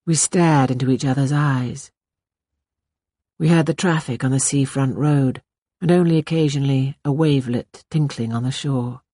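A woman narrating a novel in the first person, in a measured, intimate reading style. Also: extremely low pitch, steady tone, warm tone, no room sound, clean studio sound. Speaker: audiobook narrator. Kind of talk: scripted narration.

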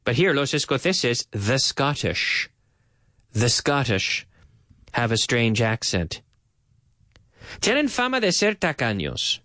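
A man hosting a bilingual English lesson for Spanish speakers, repeating phrases slowly for learners and mixing in Spanish words. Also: medium pitch, very animated, bright, forceful tone, no echo, clean studio sound. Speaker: language teacher and podcast host.

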